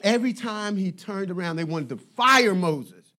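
A male pastor preaching a sermon in an animated, conversational way with playful asides. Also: high-pitched, normal speed.

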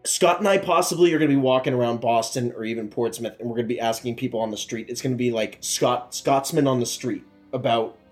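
A man's voice: mid-range voice, quick pace, few pauses, soft background music. Rambling New man co-hosting a podcast. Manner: laughs often, easily distracted, rambling. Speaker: podcast co-host. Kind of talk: casual podcast chat.

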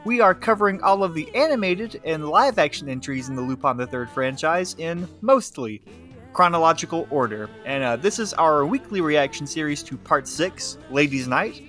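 A man hosting a casual podcast, talking in a relaxed way with fillers and laughs. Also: fairly high pitch, normal speed, faint music behind. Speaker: podcast host.

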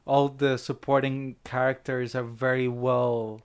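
A man's voice: medium pitch, level tone, a little slow, smooth. A man co-hosting a film podcast in casual chat, enthusiastic and sweary, often restarting his sentences. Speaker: podcast co-host.

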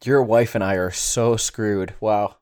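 A man guesting on a casual podcast, with a lowish voice and wry, hesitant asides. He is recorded dry and close, with no room around him. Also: steady tone, slow, darkish tone, smooth, no echo.

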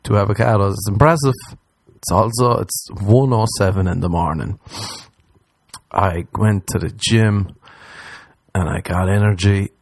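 An Irish man hosting a solo comedy podcast, rambling crudely and mocking himself, his voice leaping up in pitch for jokes. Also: measured pace, vocal fry, long pauses, no echo. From Ireland. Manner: crude, self-mocking rambling with sudden high-pitched jumps. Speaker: podcast host. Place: small room, alone.

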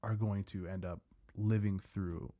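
A man's voice: on the low side, steady tone, measured pace, dark tone. A man co-hosting a podcast in an easygoing chat, hesitating often with fillers. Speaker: podcast co-host. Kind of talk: casual chat.

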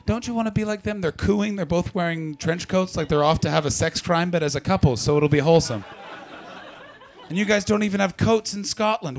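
A man from Canada doing stand-up crowd work, brash and profane as he teases the audience. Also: on the high side. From Ottawa Valley, Canada. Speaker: stand-up comedian.

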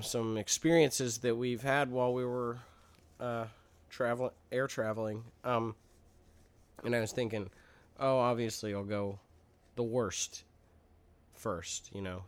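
A man's voice: fairly low pitch, smooth. A man co-hosting a podcast, telling a rambling story in casual chat with playful, mock-childish exaggeration. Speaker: podcast co-host.

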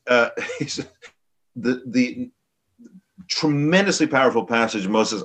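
A man's voice: medium pitch, slow pace, pauses often, fairly bright tone, slightly rough. An earnest man joins a group discussion of a scripture passage. He speaks with emphasis, leaning on the words he wants to stress. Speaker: Torah study discussant.

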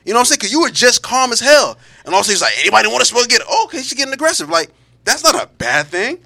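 A man hosting a podcast, loud and animated, talking with his hands and cursing freely in casual chat. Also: very high-pitched, rapid-fire. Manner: loud, animated, profane, laughs often. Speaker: podcast host.

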